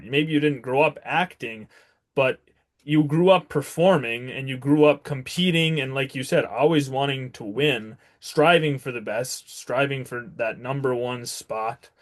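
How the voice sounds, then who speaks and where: A man's voice: mid-range voice, moderate pace. A man hosting a podcast interview, speaking in a friendly, reflective way. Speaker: podcast host. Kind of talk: casual interview chat.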